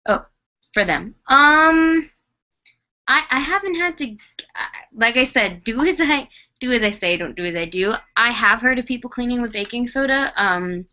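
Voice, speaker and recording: A woman's voice: a little high, animated, normal speed, bright, forceful tone, lo-fi sound. A woman vlogger chatting casually about her dolls as she works on them, rambling with plenty of fillers. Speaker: doll collector vlogger. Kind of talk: casual chat while working.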